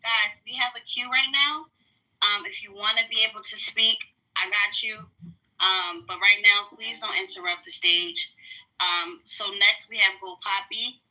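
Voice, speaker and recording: A woman's voice: medium pitch, steady tone, sharp tone, rough recording. A woman moderating a live audio-room discussion, firmly keeping order and running the speaking queue. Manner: firm, hurried, keeps order.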